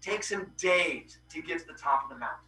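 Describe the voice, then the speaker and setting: A man hosting a podcast, retelling a myth in a casual, animated, jokey way with playful asides. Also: on the high side, a little fast, roomy sound, distant mic, soft background music, rough recording. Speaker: podcast host.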